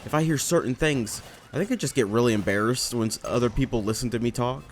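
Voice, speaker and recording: A man's voice: medium pitch, fast talker. Rambling young man commenting on his gameplay. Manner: rambling, self-deprecating, swears often. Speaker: let's play gamer.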